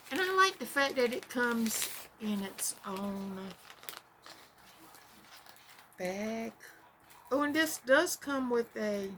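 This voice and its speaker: A woman's voice: on the high side, fairly bright tone. A woman chatting casually through an unboxing, rambling with fillers and talking to herself. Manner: chatty, rambling, with trailing fillers and self-talk. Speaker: vlogger. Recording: audible background noise.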